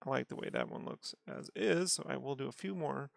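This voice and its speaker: A man artist quietly thinking aloud while painting, casual and relaxed. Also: medium pitch, fairly quick, creaky, dry recording, clean studio sound.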